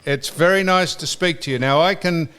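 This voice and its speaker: A man's voice: on the high side, moderate pace, fairly bright tone, clear, resonant tone. A man hosting a podcast, chatting casually with lots of restarts and the odd curse. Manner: rambling storyteller with frequent restarts and cursing. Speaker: podcast host. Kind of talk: casual chat.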